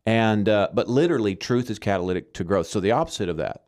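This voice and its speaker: Man from Arkansas, lowish voice, earnest and emphatic, Christian teaching in a talk, keeps saying okay. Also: lively intonation, quick pace, darkish tone. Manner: earnest, emphatic, frequent "okay?" check-ins.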